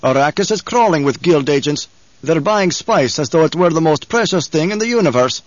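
A man's voice: fairly high pitch, expressive, fairly quick, no room sound, voice pushed up, natural voice. A man voicing a blunt, hot-tempered veteran warrior with an urgent manner, on a dull lo-fi recording. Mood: insistent.

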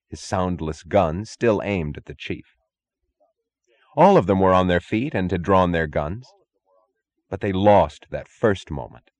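A man narrating a novel with steady, expressive storytelling. His voice is deep but moves widely in pitch, and the recording is dry and close with no room sound. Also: no room sound. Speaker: audiobook narrator. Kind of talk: scripted narration.

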